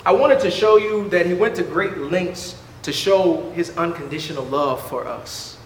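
A man preaching a fervent sermon, firing rhetorical questions and stumbling into quick restarts. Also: a little high, reverberant, a little hiss or hum.

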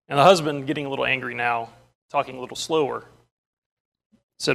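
A man's voice: mid-range voice, fairly even intonation, quick pace, vocal fry, a bit bright. A man preaching a sermon, opening with a story and moving into earnest, emphatic teaching with scripture quotes.

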